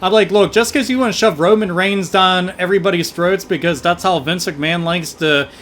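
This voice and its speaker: A man hosting a gaming livestream, ranting in animated, profane casual chat and thanking donors. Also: sits high, brisk, slight background noise.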